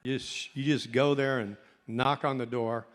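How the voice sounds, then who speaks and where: Middle aged guy, a doctor, telling a folksy story on stage, makes fun of himself, medium pitch, big hall echo. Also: steady tone, a little slow. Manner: folksy, self-mocking storyteller. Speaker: doctor and speaker. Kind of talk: storytelling talk to an audience. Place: convention hall. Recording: long hall reverb.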